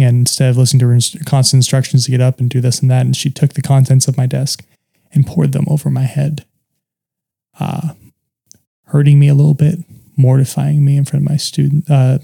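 Gravelly, earnest man telling his story. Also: medium pitch, flat delivery, warm tone. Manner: halting and reflective, with many pauses and fillers; earnest and open about painful memories. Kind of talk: personal testimony in conversation.

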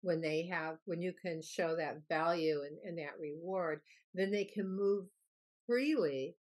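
A woman with a fairly low voice talks loosely and at length as an interview guest. She wanders through her stories and acts out the people in them. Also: measured pace. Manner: rambling storyteller, acts out quoted voices. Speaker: guest health expert. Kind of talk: casual interview chat.

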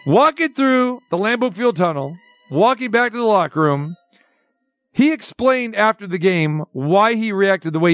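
A man hosting sports talk radio, ranting in an animated, mocking, incredulous way. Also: sits high, no echo.

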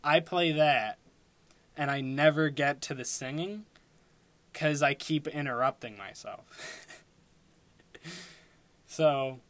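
A man's voice: a little high, takes it slowly, pauses often, fairly bright tone, dry recording. A young man telling a rambling personal story in a casual way, laughing at himself and breaking off to correct his own track. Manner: rambling, self-interrupting, laughs at own stories.

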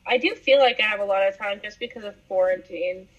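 A woman's voice: medium pitch, a little fast. Teenage girl, podcast co-host, teasing, muffled lo-fi recording. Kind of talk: casual chat. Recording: dull lo-fi sound.

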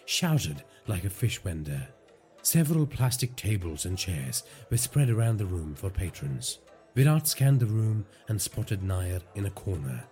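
A man narrating a crime audiobook in a measured, dramatic storytelling manner. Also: on the low side, warm tone.

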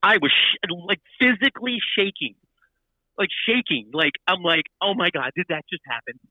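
A man telling a story in casual chat, animated and full of restarts and repeated words. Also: sits high, moderate pace, no echo, highs cut off.

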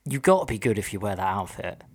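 A man's voice: lowish voice, sing-song, fast, breathy edge. A man co-hosting a podcast, chatting casually with dry teasing humour and some swearing. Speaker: podcast co-host. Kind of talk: casual chat.

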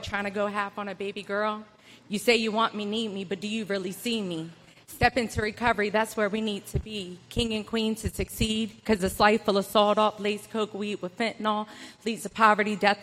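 A woman's voice: medium pitch, fairly bright tone. A woman reciting a spoken-word poem in a rhythmic, earnest cadence. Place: large hall, correctional facility. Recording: echoey hall.

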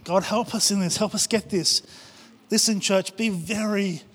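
A man's voice: high-pitched, fairly even intonation, measured pace, slightly rough. A man preaching a passionate sermon to his church, acting out prayers and quotes. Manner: impassioned, acts out prayers and quotes. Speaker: pastor. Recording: long hall reverb.

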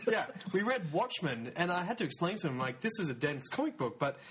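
Podcast co-host dude, kinda high voice, rambles on, pokes fun at himself, faint hiss. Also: male voice, very animated, brisk, fairly bright tone. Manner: rambling, self-mocking storyteller. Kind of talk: casual chat.

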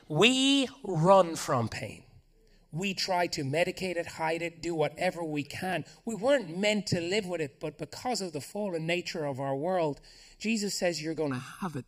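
Animated pastor preaching. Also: male voice, fairly high pitch, moderate pace. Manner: animated, humorous storytelling. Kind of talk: sermon. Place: church in front of a congregation.

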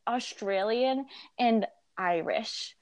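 A young woman co-hosts an advice podcast in a casual, giggly way. Her voice sits a bit high and she talks slowly, pausing with ums while she thinks. The sound is close and dry. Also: no room sound. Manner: giggly, hesitant, lots of ums. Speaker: podcast co-host giving advice.

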